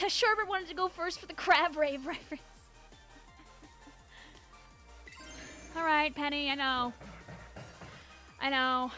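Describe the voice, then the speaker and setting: Giggly, high-voiced woman streamer. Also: slow pace, pauses often, soft background music. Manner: giggly and excitable, laughs often. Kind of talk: casual gameplay livestream commentary.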